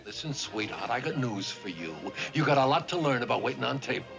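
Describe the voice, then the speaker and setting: A gruff, bullying Marine sergeant. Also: male voice, mid-range voice, lively intonation, brisk, muffled recording. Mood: grumbling. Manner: gruff, complaining, sarcastic. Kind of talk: 1960s TV sitcom acting. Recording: TV soundtrack with music.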